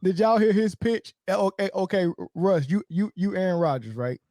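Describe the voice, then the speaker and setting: A man's voice: high voice, expressive, moderate pace, dark tone, dry recording, clean studio sound. A man co-hosting a sports podcast who teases the others in casual banter and laughs a lot. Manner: teasing, mocking, laughs a lot. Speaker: podcast co-host.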